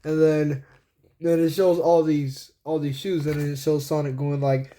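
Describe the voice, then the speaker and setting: A man's voice: a little high, fairly even intonation, normal speed, mellow, slight background noise. Rambling man retelling his comic. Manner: rambling, repeats "and then" a lot. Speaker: comic creator. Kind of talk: casual storytelling walkthrough.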